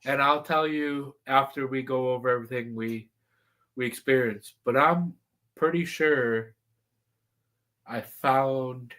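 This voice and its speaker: A man's voice: medium pitch, slow, sharp tone. A man co-hosting a casual podcast, speaking hesitantly as he thinks aloud. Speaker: co-host.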